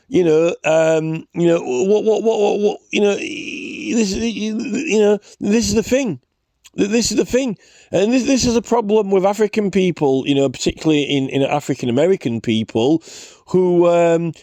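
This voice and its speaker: A man delivers a rambling, scornful rant straight to camera, circling back on himself with fillers and restarts. His voice sits on the higher side for a man. The recording is dry and close with no room sound. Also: a little mellow, no room sound. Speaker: vlogger. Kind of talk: ranting commentary.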